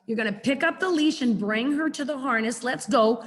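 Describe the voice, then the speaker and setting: Acting out corrections to the dog, a chatty middle-aged woman teaches puppy training in an online class on video. Her voice sits high and is a bit bright and brisk, sounding as if she's in a large hall.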